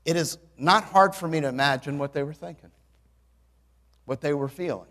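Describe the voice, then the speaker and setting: A man in his sixties preaching a sermon in a church, telling stories in an animated way with dry humor and bursts of loud exclamation. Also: on the high side, normal speed, in a large hall. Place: church sanctuary.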